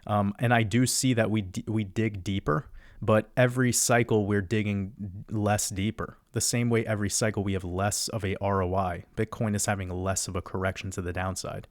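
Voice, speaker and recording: Lower-voiced man talking through market charts. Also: flat delivery, normal speed, dry recording, clean studio sound. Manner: casual, repeats chart steps, frequent fillers and restarts. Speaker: crypto chart analyst host. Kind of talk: solo chart-walkthrough commentary.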